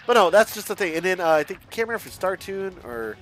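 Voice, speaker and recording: A man's voice: sits high, lively intonation, fast, a bit bright, soft background music. A young man from a Mexican family, a streamer chatting casually and rambling, swearing often and restarting his sentences. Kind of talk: casual rambling chat while playing a driving game.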